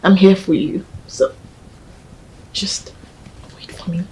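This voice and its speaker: An actress with a Nigerian accent playing a young woman softly comforting her grieving partner in a film. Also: medium pitch, measured pace, husky, poor audio. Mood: tender. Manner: gentle, coaxing, often whispering.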